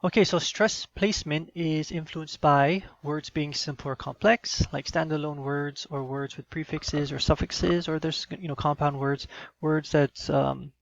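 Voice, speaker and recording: A man's voice: on the high side, fairly even intonation, a little slow, vocal fry, dry recording, muffled recording. A man giving a recorded teaching demo, explaining in an instructional way with some fillers.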